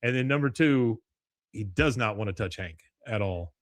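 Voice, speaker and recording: A man's voice: fairly low pitch, animated, normal speed, a little hiss or hum. A man hosting a podcast, animatedly recapping a cartoon episode and quoting its characters with laughs. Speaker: podcast host.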